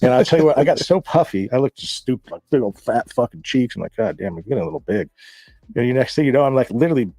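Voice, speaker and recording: Fast-talking man swearing through his stories. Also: medium pitch, dry recording. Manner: profane, animated anecdotes with laughs. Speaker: guest. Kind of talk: casual storytelling.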